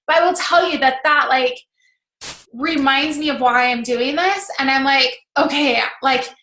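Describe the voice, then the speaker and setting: Woman, thirties, motivational coach, encouraging, high-pitched, roomy echo. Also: fairly bright tone. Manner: chatty and encouraging, laughs often. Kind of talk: motivational talk to camera.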